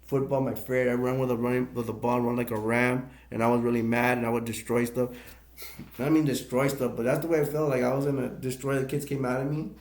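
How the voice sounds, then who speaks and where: A man's voice: mid-range voice, little pitch movement, quick pace, a little mellow. A man rambling emotionally through tears in a live stream monologue, repeating himself as he talks. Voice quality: gravelly. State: crying. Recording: echoey room.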